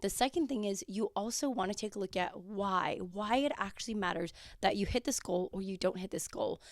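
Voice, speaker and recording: A woman hosting her own podcast in a chatty, casual way, her voice raspy as she comes down with a cold. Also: mid-range voice, a little fast, dry recording, clean studio sound. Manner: chatty, with fillers and quoted asides. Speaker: podcast host and coach. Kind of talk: casual solo podcast talk.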